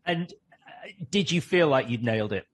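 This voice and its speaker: A man's voice: mid-range voice, animated, moderate pace. A man interviewing a guest, asking long, rambling questions in a casual chat. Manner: rambling, restarts his questions.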